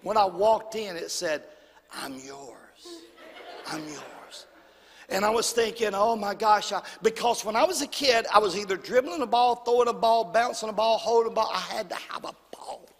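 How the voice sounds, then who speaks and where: Animated Southern preacher in a big hall. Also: male voice, high-pitched, brisk, few pauses. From Alabama. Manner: animated, folksy, humorous. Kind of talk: storytelling sermon. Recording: long hall reverb.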